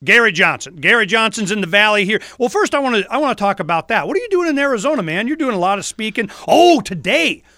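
A man hosting a casual talk radio show, animated and mocking, who slips into voices to mimic officials. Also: high-pitched, fast, few pauses, no room sound, studio quality.

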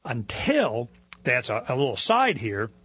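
A man hosting a talk show, telling a story in an animated, indignant rant that climbs in pitch as he gets worked up. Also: a little slow, breathy edge. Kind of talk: opinionated monologue.

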